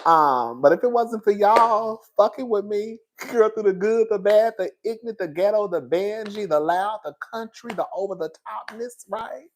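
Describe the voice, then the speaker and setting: A man hosting a casual live chat with his viewers, animated and profane, laughing often and calling them girl and honey. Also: high voice, normal speed, a little hiss or hum. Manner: calls listeners girl and honey. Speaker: YouTube commentator.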